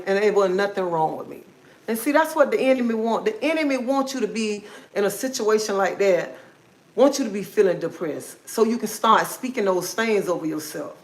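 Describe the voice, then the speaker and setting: A woman's voice: mid-range voice, roomy sound, low-quality recording. A woman hosting a livestream, giving a repetitive, preachy, encouraging motivational talk. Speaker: livestream host.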